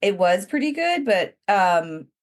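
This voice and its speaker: A woman co-hosting a podcast, chatting in a relaxed, agreeable way. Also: medium pitch, unhurried. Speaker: podcast co-host. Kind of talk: casual chat.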